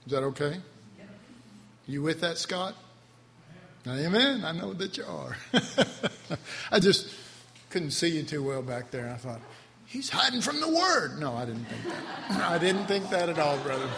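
A man's voice: on the high side, lively intonation, a little slow, vocal fry, long pauses, fairly bright tone. A man preaching a sermon, emphatic and repetitive, with laughing asides to his congregation. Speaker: pastor. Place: church sanctuary. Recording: long hall reverb, faint room noise.

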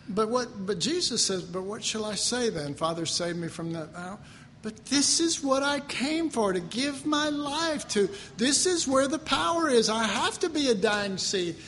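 A man preaching a folksy sermon, moving between loud declarations and hushed, quiet passages. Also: high voice, long reverb tail, slight background noise. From Texas. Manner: folksy, self-deprecating, swings from loud to hushed.

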